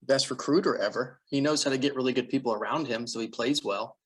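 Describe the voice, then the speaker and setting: A man's voice: medium pitch, quick pace, slightly rough. A man co-hosting a podcast, talking bluntly and profanely in a rambling, casual political chat. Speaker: podcast co-host.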